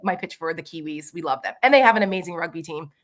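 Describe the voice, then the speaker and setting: A woman in her forties co-hosting a casual chat show, blunt and animated, swearing freely. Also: low voice, fast. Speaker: co-host of a live chat show.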